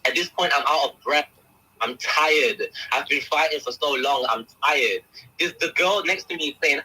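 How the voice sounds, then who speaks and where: Young guy on an interview, husky, super bright tone, agitated, keeps saying the host's name. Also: fairly high pitch, normal speed, low-quality recording. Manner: intense, repeatedly addresses the host by name. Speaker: interview guest. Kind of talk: emotional first-person account.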